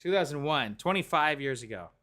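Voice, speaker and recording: A man in casual chat with a high, bright voice that leaps around in pitch. He retells movie scenes eagerly, breaking into exaggerated character impressions. The talk is loose and playful. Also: expressive, fairly quick. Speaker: co-host.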